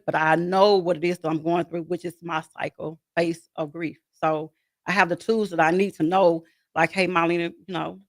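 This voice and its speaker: A woman with a lowish voice is interviewed about her life as a grieving mother. Earnest throughout, she repeats herself as she speaks her inner dialogue aloud, with no room sound on the recording.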